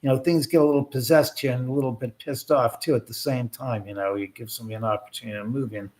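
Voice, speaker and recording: A man's voice: medium pitch, steady tone, quick pace, darkish tone. A man hosting a casual livestream, talking in a rambling, joking way with many restarts and asides to his viewers. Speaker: livestream host and filmmaker.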